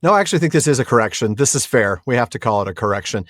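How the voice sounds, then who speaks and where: Animated, slightly husky podcast host. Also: male voice, mid-range voice, no echo, studio quality. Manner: animated, quick to laugh along. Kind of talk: casual podcast chat.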